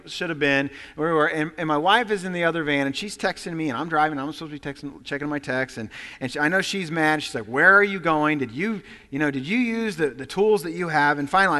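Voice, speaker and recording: A man preaching a sermon as a pastor, telling a story and dropping to hushed tones for quoted lines before rising to loud emphasis. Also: on the high side. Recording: long hall reverb.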